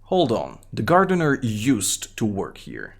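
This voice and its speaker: Lively Bulgarian-accented game streamer. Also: male voice, lowish voice, vocal fry. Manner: quick, lively, half-joking asides. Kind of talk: live gameplay commentary, reading game text.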